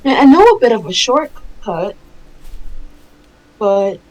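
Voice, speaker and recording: A woman running a tabletop game as game master, giving quick, casual answers full of fillers and narrating what the players hear. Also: on the high side, very animated, a little mellow, poor audio.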